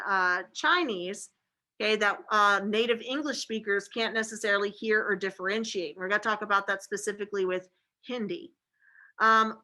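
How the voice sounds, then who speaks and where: A woman teaching a class in a loose, conversational way, dropping frequent "okay"s and "like"s as she explains. Her voice sits a bit high and sounds bright and forward. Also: low-quality recording. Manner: casual and chatty, many fillers like "like" and "okay". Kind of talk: classroom lecture.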